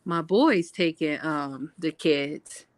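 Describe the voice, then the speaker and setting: A woman hosting a casual video-call chat, telling animated stories and acting out what people said. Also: sits low, slow pace, no echo. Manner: animated storyteller who acts out quotes. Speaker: reading sprint host.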